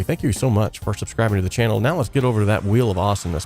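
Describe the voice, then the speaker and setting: A man's voice: on the low side, racing, darkish tone, soft background music. A man hosting a casual livestream, talking in an earnest, encouraging way and rambling loosely with frequent fillers. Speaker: livestream host of a song contest.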